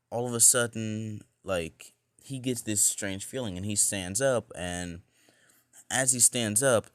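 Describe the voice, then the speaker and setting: A low-voiced man tells a fan-made story off the cuff. He rambles and keeps reaching for fillers as he goes. The sound is dry and close. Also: no room sound. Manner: rambling, full of "like" and "you know". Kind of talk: casual fan-fiction storytelling.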